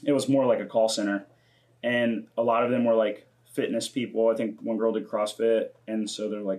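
A man's voice: lowish voice, fairly even intonation, a little fast. A man in his twenties hosting a podcast, chatting casually, swearing often and acting out quotes. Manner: laid-back, swears often, acts out quotes. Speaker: podcast host.

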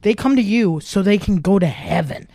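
A man's voice: sits high, normal speed, no echo, clean studio sound. A man who grew up in Germany, a comedian telling stories in casual podcast chat, acting out the people he quotes. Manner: animated storytelling with quoted voices.

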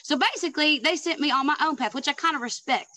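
A woman's voice: sits high, fast, no echo. A woman with a Southern accent, a podcast guest in casual chat, sassy, swearing freely and calling everyone honey and girl. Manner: swears freely, animated storytelling.

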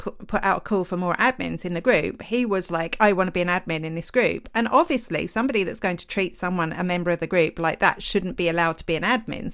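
A woman with an Essex accent co-hosting a podcast, chatting casually with frequent laughs and ranty asides. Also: on the low side. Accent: Essex English. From England. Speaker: podcast co-host.

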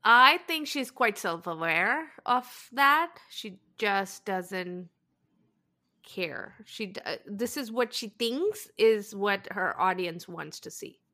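A woman co-hosting a casual reality TV recap podcast, chatty and agreeable, often trailing off quietly at the ends of her thoughts. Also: mid-range voice, expressive, takes it slowly. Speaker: podcast co-host.

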